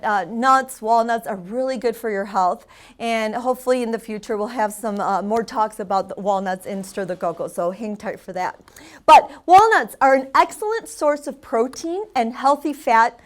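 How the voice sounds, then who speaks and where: A woman hosting a community TV lesson, chatting casually and drilling vocabulary with loud, repeated prompts. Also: high voice. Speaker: Spanish teacher and show host. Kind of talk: casual teaching on a community TV show.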